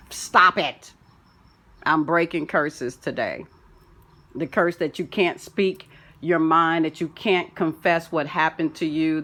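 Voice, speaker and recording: A woman vlogging from home, rambling through a preachy spiritual monologue full of folksy sayings. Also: low-pitched.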